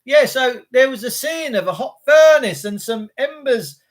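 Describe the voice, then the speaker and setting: A man's voice: very high-pitched, lively intonation, measured pace. Sweary man rambling on a stream. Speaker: livestream host. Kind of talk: casual rambling livestream rant.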